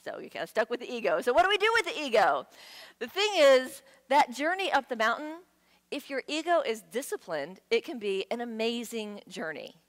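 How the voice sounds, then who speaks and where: A woman giving a sermon in a conversational, playful way, with lively asides to the congregation. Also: a little high, moderate pace. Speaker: guest speaker. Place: church sanctuary. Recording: long hall reverb.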